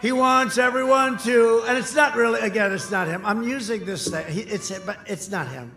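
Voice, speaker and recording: A man in his seventies giving a boastful, repetitive rally speech that swings between shouts and low asides. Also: moderate pace. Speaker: political candidate at a rally. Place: outdoor rally crowd. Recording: echoey open-air PA sound, faint crowd noise.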